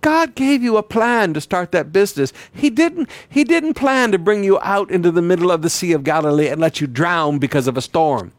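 Male pastor mid-sermon, fairly high voice, dry close sound, stammers and repeats as he presses a point. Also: expressive, normal speed, hardly any pauses, no echo. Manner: repeats words, swings between loud declaring and quiet emphasis.

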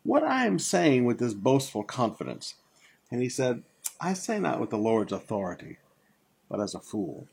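A man's voice: medium pitch, big pitch swings, moderate pace, gravelly, darkish tone, husky. An older man preaching a sermon, teaching through a Bible passage in a conversational way, with asides and repeated phrases. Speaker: pastor.

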